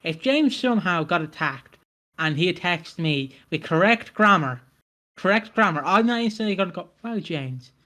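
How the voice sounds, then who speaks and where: A man's voice: high voice, expressive, normal speed, bright, forceful tone. A man co-hosting a podcast, recapping casually in a rambling way with frequent self-corrections and laughter. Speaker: podcast co-host.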